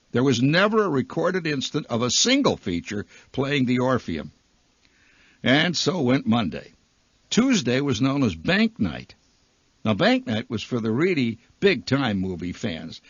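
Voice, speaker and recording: A man telling a comic story as a radio storyteller, animated, swinging between loud flourishes and hushed asides. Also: medium pitch, husky, no echo. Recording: dull lo-fi archival radio recording.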